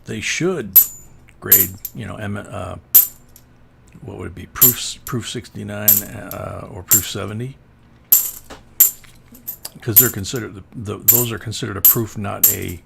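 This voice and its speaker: Gravelly low-voiced man hosting a livestream. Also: fairly even intonation, a little slow, long pauses, heavy background noise. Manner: chatty, answers viewer comments while sorting coins. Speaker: coin roll hunting livestream host. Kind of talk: casual live-stream chat.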